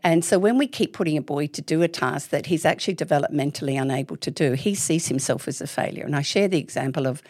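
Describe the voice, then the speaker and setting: A woman's voice: low-pitched, a little mellow, no room sound. A middle-aged woman, a parenting expert speaking candidly and emphatically in a casual interview. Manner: candid, emphatic, quick to act out voices.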